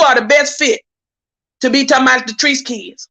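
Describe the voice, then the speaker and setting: A woman's voice: sits high, fairly even intonation, normal speed, creaky, pushed and bright. A woman giving heated live-stream commentary, indignant and preachy, repeating her points, stammering when worked up and calling out to viewers. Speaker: YouTube commentator.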